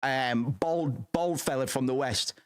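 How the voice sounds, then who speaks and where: A man's voice: medium pitch, slow pace. Rambling, sweary man in his thirties. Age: 30s. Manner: rambling and sweary, with frequent restarts. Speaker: streamer. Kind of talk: casual chat.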